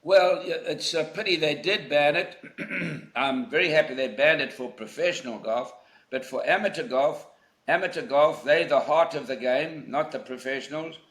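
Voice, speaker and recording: A man's voice: fairly high pitch, moderate pace, fairly bright tone, reverberant. An older man from South Africa, a golf legend being interviewed, telling anecdotes in a reflective, emphatic way. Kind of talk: conversational interview.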